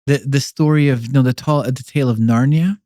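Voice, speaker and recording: Mellow-voiced man rambling in a chat. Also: medium pitch, a little fast, no room sound, studio quality. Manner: rambling, with many fillers and repeated restarts. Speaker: podcast guest. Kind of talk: casual explanatory conversation.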